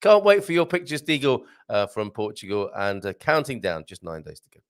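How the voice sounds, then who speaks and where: Speaking in a lowish voice, this easygoing British streamer reads his chat aloud with lively energy in front of a green screen in his home studio. His talk is casual and meandering, punctuated by frequent chuckles, and he carefully sounds out bits of Portuguese.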